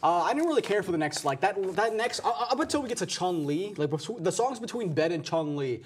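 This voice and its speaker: A young man co-hosting a podcast, chatting casually about music. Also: high voice. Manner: quick, lively, casual slang. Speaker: podcast co-host. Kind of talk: casual chat, music review.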